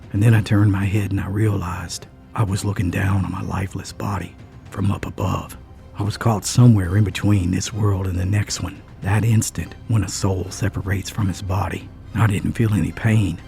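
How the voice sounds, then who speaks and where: A man's voice: sits low, vocal fry, darkish tone. A man narrating a first-person story in an earnest, dramatic way.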